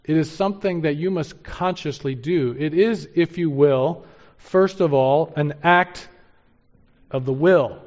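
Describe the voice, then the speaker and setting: A man's voice: on the high side, measured pace, a little mellow, muffled recording. A male pastor preaching a sermon in an emphatic way, repeating key phrases for stress.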